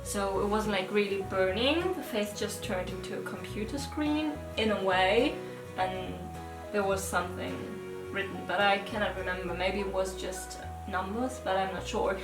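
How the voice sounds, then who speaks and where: A young woman casually recounting a dream, relaxed and a little hesitant. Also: mid-range voice, moderate pace, hardly any pauses. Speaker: co-host. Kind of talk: casual storytelling. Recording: echoey room with music. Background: background music.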